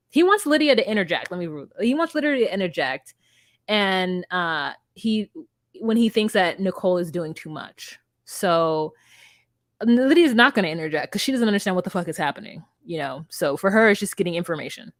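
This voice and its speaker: A young woman co-hosts a podcast, bluntly recapping reality TV in casual chat and swearing freely. Her medium-pitched voice is animated and moves at normal speed. The sound is studio quality with no echo.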